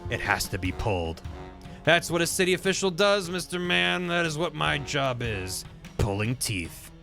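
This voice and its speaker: A man voicing a pompous, scheming male fish mayor in a video game, speaking low and slow with grand self-importance. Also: very animated, creaky, pushed and bright, soft background music, full character voice. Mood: grandiose.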